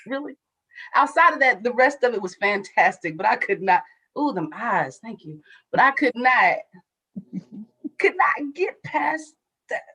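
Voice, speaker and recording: A woman chatting as a guest on a talk show, laughing often and acting out quoted lines in a flat voice. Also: fairly high pitch, unhurried, husky, poor audio. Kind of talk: casual chat.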